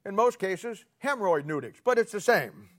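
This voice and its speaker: High-voiced folksy preacher. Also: male voice, expressive, moderate pace. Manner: folksy, sarcastic preaching with rhetorical questions. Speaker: pastor. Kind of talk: sermon.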